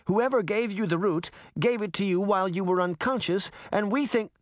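A man voicing a calm female nurse who explains things in a measured way, in a storybook reading. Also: medium pitch, no room sound, studio quality, pitched above the performer's own voice, lightly acted. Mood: explaining.

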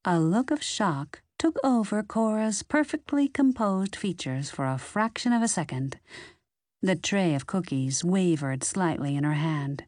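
A woman narrating a mystery audiobook in an expressive, unhurried storytelling manner. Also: lowish voice, dry recording, studio quality. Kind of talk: scripted narration.

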